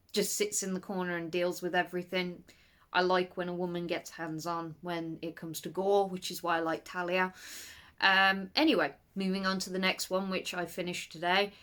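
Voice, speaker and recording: A woman chatting casually in a video book review, animated and rambling, with nervous laughs and sudden high-pitched exclamations.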